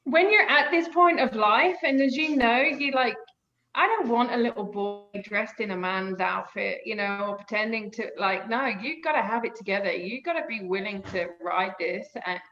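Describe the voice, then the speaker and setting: A British woman guest telling stories in a casual chat, lively and laughing often. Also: a little high, moderate pace, roomy sound, lo-fi sound, slight background noise. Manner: lively storytelling, laughs a lot. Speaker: guest author.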